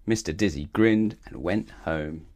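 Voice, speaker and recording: A man reading a children's storybook aloud in an expressive, sing-song way. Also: low voice, measured pace.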